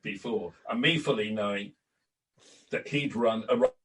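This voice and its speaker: An older man telling anecdotes in a relaxed interview, acting out remembered conversations with many restarts. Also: lowish voice, normal speed. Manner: anecdotal, acts out quoted exchanges, frequent restarts. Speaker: interview guest, former club announcer and editor. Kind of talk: storytelling in a relaxed podcast interview. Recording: distant from the mic.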